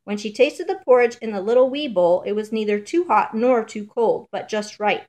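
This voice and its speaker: A woman reading a children's fairy tale aloud in a measured, rhythmic storybook manner. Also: a little high, darkish tone.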